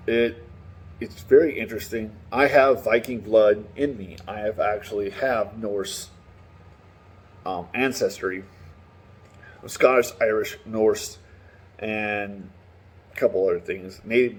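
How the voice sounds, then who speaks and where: A man talking casually and excitably about a game, swearing freely and rambling between stories. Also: fairly low pitch, breathy edge. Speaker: gaming vlogger. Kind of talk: casual opinion chat.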